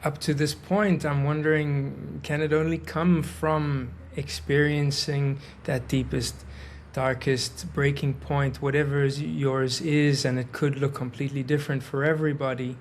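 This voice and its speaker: A man hosting a podcast, asking thoughtful, musing questions in a casual interview, pausing as he works through his ideas. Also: a little high, flat delivery, a little hiss or hum. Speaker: podcast host.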